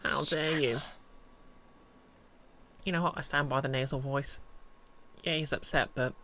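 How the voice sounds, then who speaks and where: A man's voice: mid-range voice, fairly even intonation, fairly quick, pushed and bright. A man streaming a game, making wry, joking asides. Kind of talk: casual gameplay commentary. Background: game soundtrack.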